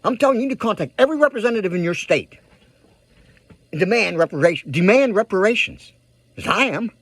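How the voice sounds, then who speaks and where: This dry recording captures a political vlogger ranting to camera in a high, animated voice with a breathy edge, talking fast. Addressing viewers directly, he grows heated, hammers home points through repetition, and calls on them to act.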